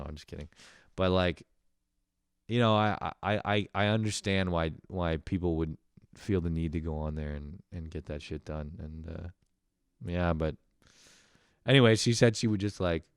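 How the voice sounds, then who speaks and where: A man's voice: sits low, a little mellow, smooth, no room sound, studio quality. A man hosting a comedy podcast, telling rambling, profane stories in a casual monologue and laughing at his own jokes. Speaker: podcast host.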